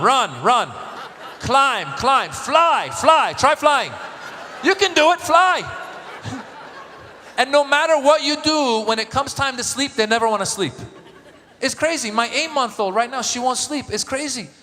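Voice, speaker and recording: A middle-aged man from Iran doing stand-up comedy, lively and playful, slipping into other voices to work the crowd. His voice sits high and bright. It rings through a large hall with a live crowd behind him. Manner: animated, joking with the crowd, acting out voices.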